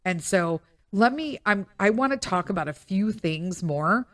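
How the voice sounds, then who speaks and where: A woman's voice: medium pitch, animated, unhurried, fairly bright tone, no room sound, clean studio sound. A woman podcast host in her thirties telling a personal story in a candid, emotional monologue, often near tears. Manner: emotional, tearful storytelling with frequent fillers. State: crying.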